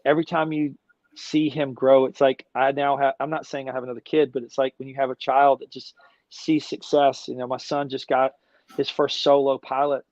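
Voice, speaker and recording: A man's voice: mid-range voice, level tone, normal speed, darkish tone, dry recording. A middle-aged man talking as a guest in a casual interview, an enthusiastic, slangy storyteller who rambles along. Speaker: guest, business founder. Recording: dull dry lo-fi sound.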